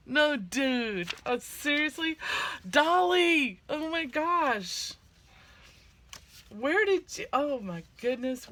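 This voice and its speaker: A middle-aged woman vlogs from home with a bright, clear tone and an unhurried pace. She is chatty, with fillers and gasps, and sounds low-key from a sinus headache, over faint room ambience. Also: slight background noise. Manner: chatty, many fillers, gasps and squeals of delight. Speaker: craft vlogger. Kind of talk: casual chat to camera.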